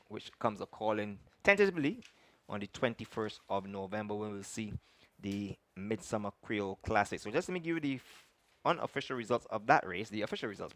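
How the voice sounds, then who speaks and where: A man, a racecourse announcer reading out the runners and recapping results in a measured, formal way, politely correcting his own slips from a commentary box. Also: lowish voice, fairly bright tone. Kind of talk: horse racing announcing and recap.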